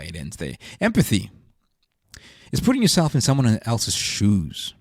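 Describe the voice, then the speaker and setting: Brief: male podcast host, low-pitched and earnest, searching reflective delivery, dry close sound. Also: wildly swooping pitch, unhurried, darkish tone, breathy edge, dry recording. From South Africa. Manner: earnest, searching, thinks aloud. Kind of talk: reflective faith monologue.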